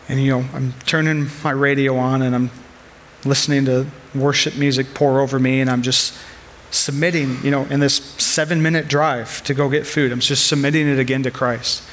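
A man's voice: mid-range voice, little pitch movement, moderate pace, a bit bright, a little hiss or hum. A man in his thirties preaching a sermon as a pastor, earnest and conversational, weaving personal stories into his message.

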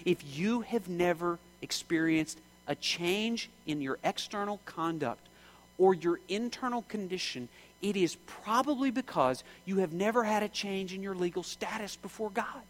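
Impassioned preacher, fairly high voice. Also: male voice, normal speed, low-quality recording. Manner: impassioned, swings from shouting to hushed. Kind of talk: sermon.

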